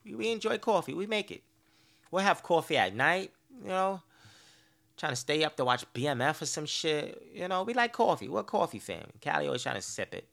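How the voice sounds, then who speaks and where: A man's voice: a little high, brisk, vocal fry. A man hosting a podcast, telling stories in a casual, profane, exasperated rant. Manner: profane, animated storytelling; petty, exasperated complaining. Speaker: podcast host. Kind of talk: casual ranting monologue.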